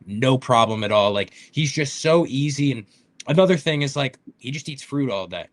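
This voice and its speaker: A man's voice: mid-range voice, animated, moderate pace. A man in casual sports podcast chat, telling enthusiastic stories full of fillers and restarts.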